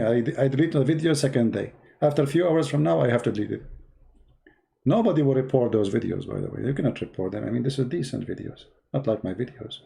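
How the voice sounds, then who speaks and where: Gravelly guy on a livestream, mocking, kinda broken english, mellow low tone. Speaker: host of a live stream. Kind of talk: casual livestream talk and joke telling.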